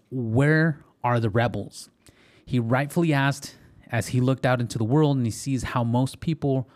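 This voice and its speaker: Man, podcast host, loose conversational delivery, reads articles aloud with slips. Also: medium pitch. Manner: chatty, reads articles aloud and stumbles on words. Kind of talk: casual podcast monologue.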